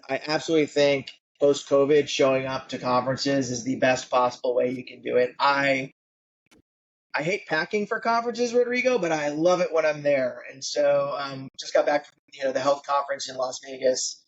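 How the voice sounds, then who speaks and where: A man's voice: medium pitch, moderate pace, few pauses, muffled recording. A man in his late forties, a founder being interviewed on a podcast, talking conversationally with many fillers. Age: 40s. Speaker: guest founder.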